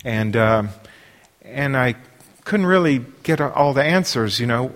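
A man's voice: mid-range voice, animated, unhurried, a bit bright. A man preaching, telling a personal story in a loose, rambling way with many fillers. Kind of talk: sermon anecdote. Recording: long hall reverb.

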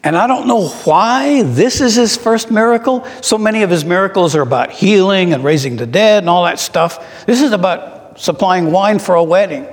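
Slow, reflective male preacher in a hall. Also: high voice. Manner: slow, reflective, with rhetorical questions. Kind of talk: sermon. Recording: long reverb in a large hall.

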